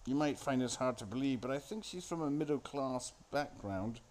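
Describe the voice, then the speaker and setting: A man's voice: mid-range voice, animated, normal speed, a little mellow, slight background noise. Crude sardonic man rambling over a film. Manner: sardonic, crude, profane, off-the-cuff. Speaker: host commenting on a film. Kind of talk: casual rambling commentary.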